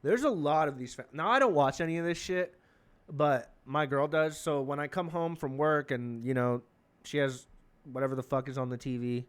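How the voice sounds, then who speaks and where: A young man hosting a comedy podcast, rambling through an excitable, profane monologue. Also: on the high side, normal speed, clean tone.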